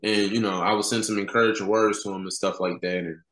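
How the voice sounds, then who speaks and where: Low-voiced man, casual, roomy echo. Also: steady tone, fast talker, a bit bright. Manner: casual slangy talk, many "you know" fillers. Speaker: podcast guest. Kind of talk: candid conversational storytelling.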